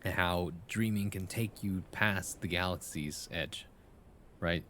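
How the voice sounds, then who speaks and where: A man's voice: sits low, slow pace, fairly bright tone, a little hiss or hum. A man streaming live, reading a viewer's poem aloud and giving playful feedback, humming rhythms and often adding "right?". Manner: playful, reads poems aloud, hums rhythms, tags questions with "right?".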